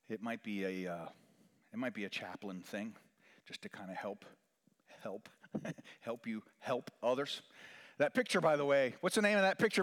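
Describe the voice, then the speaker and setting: Man preaching in a reverberant hall. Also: medium pitch. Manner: swings from loud emphatic rises to hushed near-whispers. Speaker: chaplain. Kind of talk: sermon. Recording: long reverb of a large hall.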